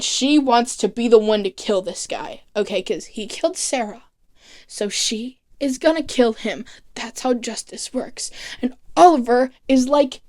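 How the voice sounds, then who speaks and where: A woman with a fairly high voice narrates a comedic TV recap, sarcastic and liberal with swearing. Her delivery is loose and chatty, with dry asides. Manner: sarcastic, profane, casual. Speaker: recap video host.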